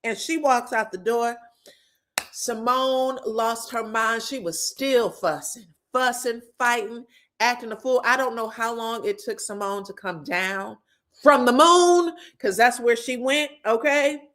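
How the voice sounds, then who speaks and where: A young adult woman recapping reality TV drama in an animated, profane, gossipy way, laughing at her own jokes. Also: on the high side, measured pace. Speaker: reality TV commentator.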